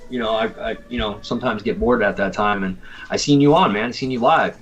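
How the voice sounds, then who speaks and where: A man's voice: fairly low pitch, fairly quick. A man from Tennessee hosting a casual livestream show, talking in an easygoing way, full of fillers and repeated words. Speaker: podcast host.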